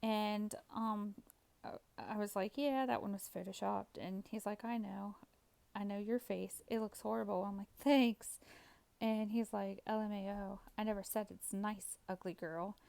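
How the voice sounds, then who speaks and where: Woman with a creaky voice telling a story. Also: medium pitch, steady tone, moderate pace, a little mellow, no room sound. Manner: reads out chat messages, often laughing. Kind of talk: casual storytime vlog.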